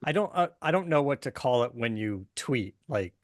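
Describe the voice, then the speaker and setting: A man's voice: mid-range voice, animated, normal speed, dry recording, studio quality. A man hosting a car podcast in casual chat, amused and loose, laughing often as he rambles.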